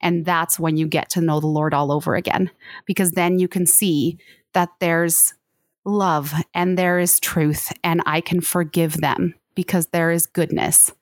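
A woman's voice: lowish voice, steady tone, measured pace, no echo, studio quality. A woman guest on a podcast, speaking earnestly and pleadingly in long flowing runs. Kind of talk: earnest interview conversation.

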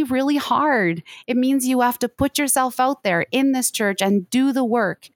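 A woman's voice: medium pitch, dry recording, studio quality. A woman guest on a podcast, speaking earnestly and pleadingly in long flowing runs. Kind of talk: earnest interview conversation.

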